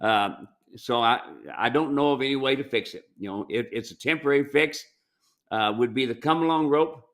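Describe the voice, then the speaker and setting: Answering viewer questions from his ranch, a mule trainer and ranch owner from the United States keeps things casual and folksy in this Q&A advice talk, frequently slipping into tales of working cattle. His voice is bright and a little tense, normal in pitch for a man, and his pace is moderate.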